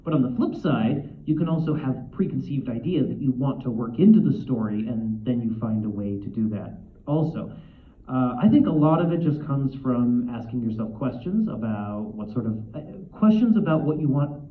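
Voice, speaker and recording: Man, 30s, guest author, convention panel, animated storyteller, self-correcting, tinny, far from the mic. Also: mid-range voice, moderate pace, reverberant.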